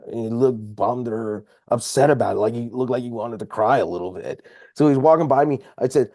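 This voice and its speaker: A man's voice: mid-range voice, normal speed, darkish tone, no room sound. Podcast guest, male, heated and profane storyteller, dry close-miked sound. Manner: profane, heated retelling of a confrontation. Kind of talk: casual storytelling. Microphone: podcast microphone.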